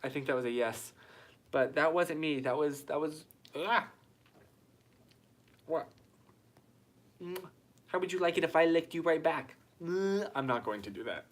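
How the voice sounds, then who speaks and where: A man's voice: on the high side, lively intonation, unhurried, long pauses. Chatty self-mocking man on a live stream. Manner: reads viewer comments aloud. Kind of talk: casual live-stream chat. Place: small room with white walls.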